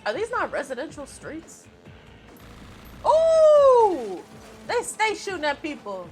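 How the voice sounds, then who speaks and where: A woman's voice: very high-pitched, huge pitch swings, slow pace, a little mellow, soft background music. A young woman giving casual reaction commentary to a movie, talking back at the screen with teasing jokes and exclamations.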